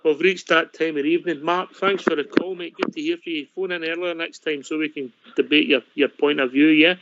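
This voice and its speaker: A man's voice: fairly high pitch, steady tone, a little fast, noisy background. A Scottish man hosting a casual fan radio phone-in, chatty and matey. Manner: chatty, matey sign-offs. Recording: lo-fi dry online call audio.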